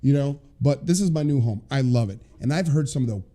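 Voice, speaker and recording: A man from New York City hosting a live chat show, loud and joking as he teases his co-host and callers. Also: mid-range voice, lively intonation, brisk.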